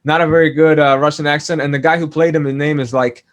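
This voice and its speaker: A man's voice: on the high side, steady tone, fast talker. Chatty man discussing a TV series. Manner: thoughtful, with many fillers and restarts. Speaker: podcast guest. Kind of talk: casual TV discussion.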